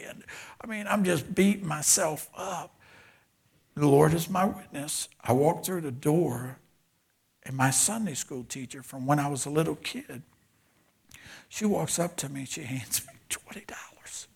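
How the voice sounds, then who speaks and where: An older pastor from southeastern Louisiana preaches through personal stories, his voice raspy and full of gravel. He talks in a somewhat high register and drops into hushed, breathy whispers whenever he wants a point to land. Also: a little slow. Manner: animated storyteller who drops to hushed whispers for emphasis. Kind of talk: storytelling sermon.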